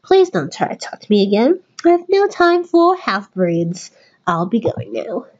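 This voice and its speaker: Woman doing snooty aristocrat pigeon boy from a game, slow and cold, kinda muffled sound. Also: on the high side, very animated, darkish tone. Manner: slow, dismissive, drifting toward a British accent. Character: haughty cold aristocratic young male pigeon.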